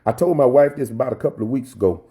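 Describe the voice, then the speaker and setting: A pastor preaching a sermon, telling a personal story with many repeated phrases and climbing into fervent preaching. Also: male voice, medium pitch, very fast, dark tone. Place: church.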